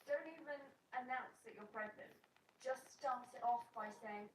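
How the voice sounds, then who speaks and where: Brief: woman, high voice, cheeky and crude game commentary, distant mic in a roomy space with background noise. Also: normal speed. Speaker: streamer. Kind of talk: casual gameplay commentary.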